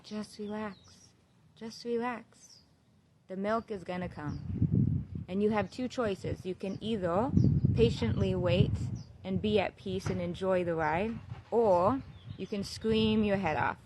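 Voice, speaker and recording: A woman, a new mother, talking to her viewers in a casual, heartfelt monologue, earnest and unhurried, with many fillers like "you know" and "like.". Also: lowish voice, slight background noise. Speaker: new mother sharing a spiritual reflection.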